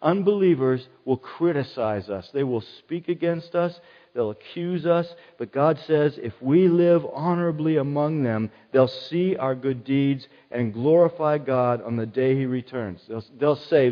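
A man's voice: medium pitch, unhurried. A middle-aged male pastor preaching a sermon in an earnest, conversational way, often repeating his key phrases. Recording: dull sound with long hall reverb.

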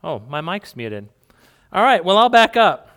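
Smooth, higher-voiced pastor preaching casually. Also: male voice, big pitch swings, a little slow, bright, forceful tone. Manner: conversational, playful asides to congregation. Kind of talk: sermon. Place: church hall with congregation.

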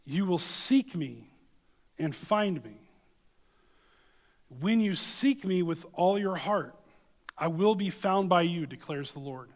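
A man's voice: high-pitched, expressive, slow, pauses often, long reverb tail. A man preaching a sermon, reading scripture and telling a story, earnest and emphatic, often checking in with listeners.

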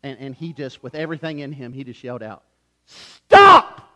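A man preaching a sermon as pastor, swinging from loud urgency to hushed softness and telling stories in a conversational way with frequent restarts. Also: mid-range voice, fast. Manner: conversational storytelling with repeated restarts.

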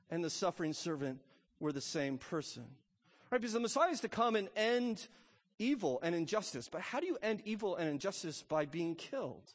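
A pastor preaching a sermon, emphatic, swelling loud and then dropping to a hush. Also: male voice, high voice. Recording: long reverb of a church hall.

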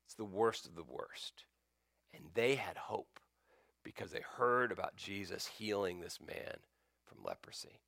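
Male pastor, low register, dry close-miked sermon; storytelling, with swings from loud bursts to near-whispers. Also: expressive, a little slow, vocal fry, dry recording.

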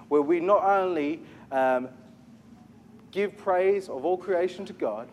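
A man preaching a sermon as pastor, animated, asking the congregation questions and repeating key phrases. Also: on the high side, slight background noise.

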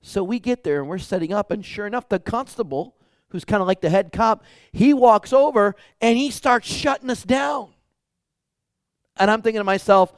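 A man's voice: high-pitched, normal speed, no echo, studio quality. A male pastor preaching a sermon, telling stories animatedly with a voice that climbs when he gets worked up.

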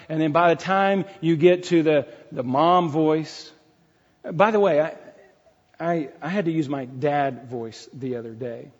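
A man's voice: fairly high pitch, a little mellow. A middle-aged man preaching a sermon as pastor, emphatic and repeating key phrases, with conversational asides to the congregation. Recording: dull lo-fi sound with long hall reverb.

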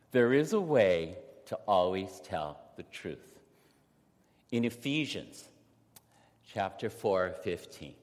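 A male pastor preaching a sermon, telling everyday scenarios with dramatic pauses and lively delivery. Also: mid-range voice. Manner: animated storytelling with dramatic pauses. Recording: long reverb of a large hall.

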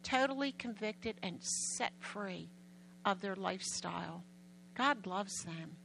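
A woman preacher telling a story to her congregation in an animated, emphatic way, often getting loud. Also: medium pitch, slow, vocal fry, slight background noise, poor audio. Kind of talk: sermon storytelling.

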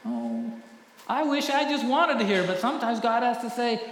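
A middle-aged male pastor preaching a sermon earnestly, often dropping to a hushed voice when telling stories. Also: very high voice, moderate pace, slight background noise. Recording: echoey hall with faint ambience.

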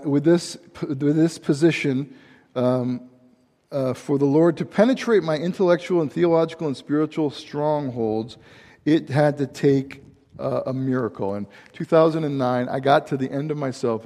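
Middle-aged guy preaching, bit high voice, chatty asides, big reverby church hall. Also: dark tone. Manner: conversational preaching with asides and restarts. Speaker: pastor. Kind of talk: sermon.

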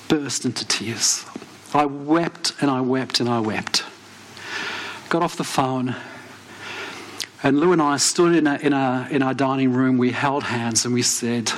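A middle-aged man, preaching a sermon and telling a personal story with dramatic pauses, dropping low and soft for emphasis. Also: fairly even intonation, slight background noise. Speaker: pastor.

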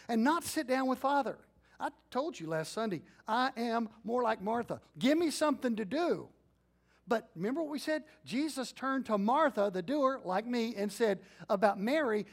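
A middle-aged male pastor preaching a conversational sermon, asking his congregation questions and dropping into quiet, intimate asides. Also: sits high, expressive, normal speed.

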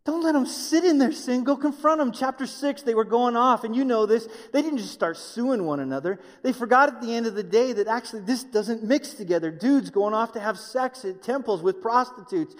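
A man preaching a sermon in an animated way, acting out the voices of others with jokey asides. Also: very high voice, brisk, hardly any pauses, big-room sound. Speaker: pastor.

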